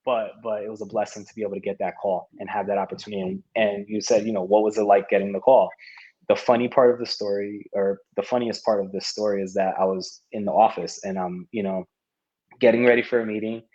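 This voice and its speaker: A man's voice: on the low side, brisk. A man in his thirties, a podcast guest, telling stories in a casual interview, laughing often and acting out what people said. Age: 30s. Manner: animated storyteller who laughs often and acts out quoted lines. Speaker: podcast guest, martial arts competitor. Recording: dull lo-fi audio.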